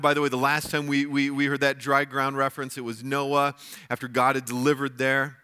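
A man pastor giving a weekend sermon, reading scripture aloud and explaining it in a conversational way with lively asides. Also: mid-range voice, a little fast, smooth. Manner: conversational, with frequent restarts and acted asides.

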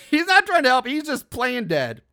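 A man's voice: very high voice, huge pitch swings, measured pace, pushed and bright. A young man casually recapping a film's plot as a podcast host, swearing and adding incredulous asides with laughs.

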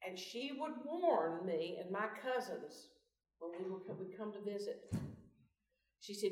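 Recorded at a distance in a meeting room, a Bible study speaker gives a folksy devotional teaching and puts questions to her group, so the sound is roomy. Her medium-pitched voice is a little mellow, with lively intonation and a measured pace.

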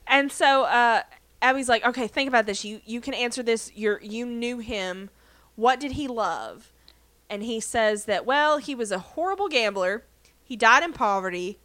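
A woman co-hosts a podcast in relaxed chat and retells a TV episode beat by beat, slipping into playful voices for the characters. Her voice sits a little high and sounds smooth and clean. The sound is dry and close. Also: moderate pace, no echo. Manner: chatty storyteller, quotes characters in playful voices, laughs often. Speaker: podcast co-host. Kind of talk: casual chat recapping a TV episode.

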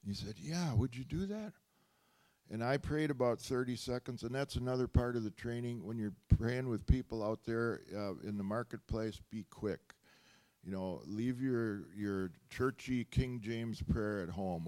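Male preacher, mid-pitched voice, animated sermon storyteller, laughs and builds to loud praise. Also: unhurried.

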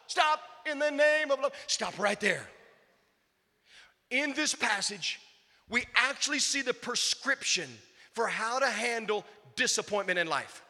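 A man preaching a sermon as pastor, emphatic, swinging from shouts to hushed intensity. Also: sits high, in a large hall.

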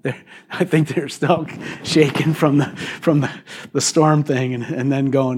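A male pastor giving a live church sermon, telling the story in a conversational, animated way. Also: medium pitch, a little slow, husky. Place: church service.

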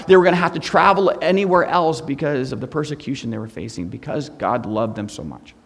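A middle-aged man, a guest pastor, preaching a sermon with humor, moving between hushed and loud. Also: mid-range voice, fairly quick, gravelly, few pauses, big-room sound. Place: church sanctuary.

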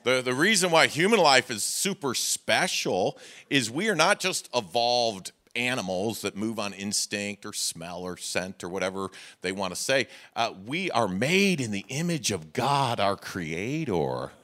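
A man's voice: mid-range voice, sing-song, a little slow, pushed and bright. A middle-aged man, a pastor preaching a sermon with folksy humor and rhetorical questions to the congregation.

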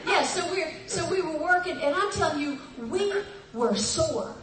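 A woman's voice: very high voice, expressive, moderate pace, a bit bright, far from the mic. A woman pastor preaching a sermon in a folksy, storytelling way, often laughing, with the congregation answering her. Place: church hall. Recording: echoey church hall from afar. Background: congregation responses.

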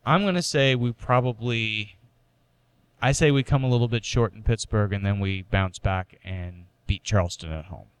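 Animated male podcast co-host. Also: fairly low pitch, moderate pace, clean tone, no room sound. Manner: animated storyteller, mimics his own reactions. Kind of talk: casual sports podcast chat.

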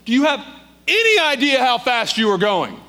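A man acting out a furious male highway patrolman, yelling at the top of his lungs. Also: sing-song, normal speed, heavily acted.

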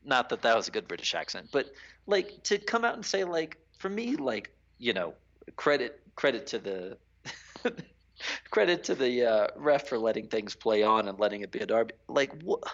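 A man's voice: mid-range voice, moderate pace. Fired-up guy ranting about football, voice jumps all over, bit lo-fi. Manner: animated, ranting, many fillers. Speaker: podcast co-host. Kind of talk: casual sports chat.

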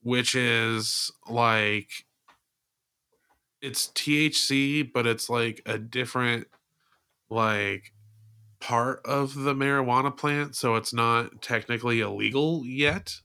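A man's voice: mid-range voice, sharp tone, clean tone. A man in laid-back casual chat, swearing freely and drawing out his stories. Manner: laid-back, profane, drawn-out storytelling.

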